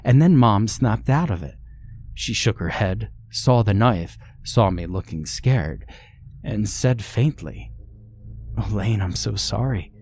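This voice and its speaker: A man's voice: fairly low pitch, lively intonation, takes it slowly, darkish tone, a little hiss or hum. A man reading the part of a frightened, tearful young woman who fled her home at night. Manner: pleading, tearful. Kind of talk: scripted horror story reading.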